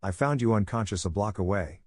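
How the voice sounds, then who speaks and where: A man's voice: on the low side, fairly quick, a little mellow, dry recording, studio quality, close to an everyday voice. A man doing a jittery, unsure young guy. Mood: nervous. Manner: nervous, unsure, trailing questions.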